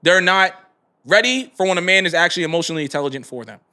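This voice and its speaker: Slangy guy on a podcast, talks fast, bright kinda sharp voice. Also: high voice, animated. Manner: laid-back, slangy, storytelling. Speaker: podcast co-host. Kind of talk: casual podcast chat.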